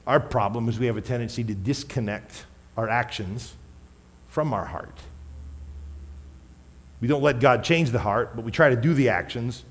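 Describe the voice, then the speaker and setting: A man preaching a sermon as a pastor, wearing a microphone, emphatic, with loud stressed words and quiet asides. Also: medium pitch, normal speed, long pauses. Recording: long hall reverb.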